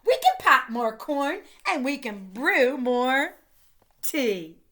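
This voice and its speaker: A woman voicing a small mouse, squeaky and soothing, in a storybook reading. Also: big pitch swings, slow, bright, forceful tone, exaggerated voice. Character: small fussing male mouse.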